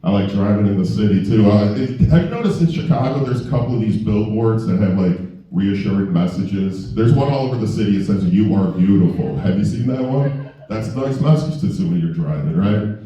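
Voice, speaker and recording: A man's voice: on the low side, expressive, brisk, dark tone, very echoey, recorded from a distance, muffled recording. A man performing a stand-up comedy set at a comedy club, chatting and asking the crowd questions. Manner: conversational, asks the crowd questions.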